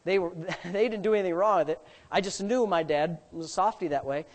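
A man's voice: high voice, brisk. A middle-aged man, a pastor, telling a story in a sermon and acting out the voices. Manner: animated, acts out voices.

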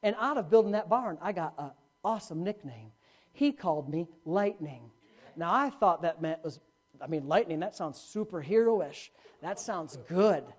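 A man preaching a sermon as pastor, telling a story with wide swings from loud preaching to quiet asides. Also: sits high, lively intonation, moderate pace.

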